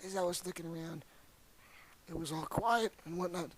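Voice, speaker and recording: A young man voicing a boastful, rambling ancient old man who tells a crude, excitable tall tale in an amateur comedy bit. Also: sits high, normal speed, pitched below the performer's own voice, poor audio.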